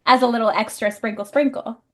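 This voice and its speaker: A woman's voice: on the high side, steady tone, a little fast. A woman co-hosting a book podcast, chatting enthusiastically with many fillers. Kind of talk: casual chat.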